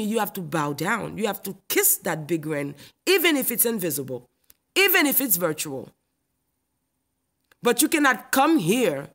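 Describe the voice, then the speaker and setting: A woman comedian, delivering a confrontational comic rant in a haughty, scolding, imperious manner. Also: lowish voice. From Haiti.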